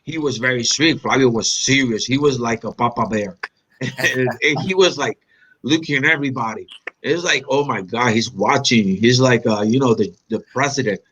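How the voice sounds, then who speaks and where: A man from Puerto Rico reminiscing in an interview, animated and acting out quoted lines with big pitch jumps. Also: normal speed, a little hiss or hum, low-quality recording. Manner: animated storyteller, acts out quotes with sharp pitch jumps, non-native phrasing. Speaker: interview guest, black belt.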